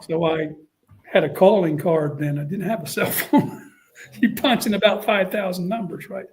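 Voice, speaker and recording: A man's voice: sits high, moderate pace, slight background noise. A middle-aged man, a college football coach telling a story in a casual interview and acting out what others said. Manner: animated storyteller, acts out quotes.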